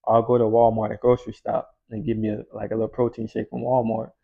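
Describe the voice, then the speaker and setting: Gravelly laid-back man from Louisiana. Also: on the low side, monotone. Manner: laid-back, slangy, drawn-out pauses. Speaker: vlogger. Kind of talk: casual storytelling. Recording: dull lo-fi recording.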